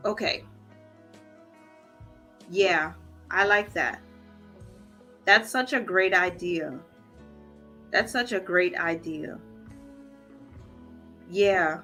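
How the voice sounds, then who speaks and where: A woman's voice: lowish voice, drawn-out words, long pauses, soft background music. A woman hosting a budgeting livestream, chatting casually with viewers and greeting them by name. She is emotional and trying to hold back tears. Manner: warm, encouraging, reads viewer comments aloud. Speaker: budgeting channel host.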